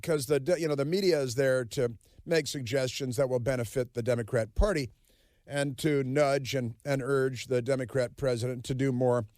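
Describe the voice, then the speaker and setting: A man's voice: mid-range voice, darkish tone, no room sound, studio quality. Sarcastic male talk radio host. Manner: sarcastic, mocking, rambling with fillers. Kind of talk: political talk radio monologue.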